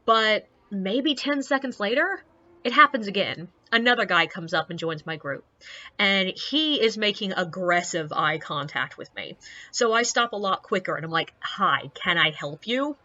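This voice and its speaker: A woman's voice: mid-range voice, lively intonation, moderate pace, pushed and bright, highs cut off. A woman who works as a ghost tour guide, casually telling stories from her job in a chatty, candid way with sarcastic asides. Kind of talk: casual personal storytelling.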